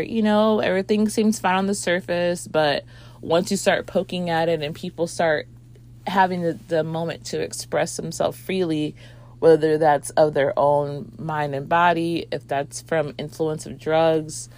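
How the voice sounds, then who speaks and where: A woman's voice: low-pitched, fairly even intonation, a little slow, a little mellow. A woman reviewing a movie in a rambling casual chat, with lots of fillers and swearing.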